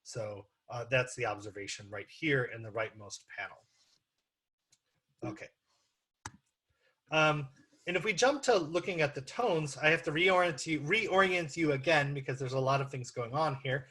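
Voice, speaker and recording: A man with an American accent delivers an online academic lecture in a slightly higher-than-average voice. He talks listeners through slides, with plenty of ums and uhs. The audio comes through a computer mic on a video call. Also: normal speed, bright, forceful tone, breathy edge. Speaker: guest lecturer.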